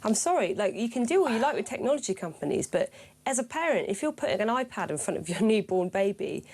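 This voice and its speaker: Fast-talking, forthright female co-host. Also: medium pitch, very animated, a little mellow. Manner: forthright, indignant, argumentative. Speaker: radio co-host. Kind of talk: opinionated radio talk.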